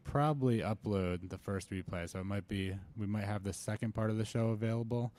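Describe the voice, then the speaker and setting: A man on a talk show stream talking casually in a flat, monotone way. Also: lowish voice, a little fast. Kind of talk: casual chat.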